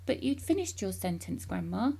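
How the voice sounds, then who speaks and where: A woman voicing a polite young boy who answers patiently in a raised, gentle voice. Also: medium pitch, very animated, moderate pace, gravelly, husky, exaggerated voice.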